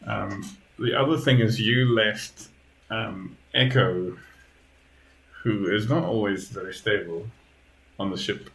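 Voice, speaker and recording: A man running a tabletop game as dungeon master, explaining the situation in a measured way. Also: on the low side, steady tone, creaky, fairly bright tone, rough recording. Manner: measured, explaining rules and lore.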